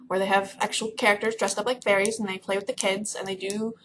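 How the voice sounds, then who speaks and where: A young woman from Kentucky chatting casually to camera in a vlog, excitable and rambling. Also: medium pitch, fast, a little hiss or hum. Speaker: vlogger. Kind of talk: casual chat.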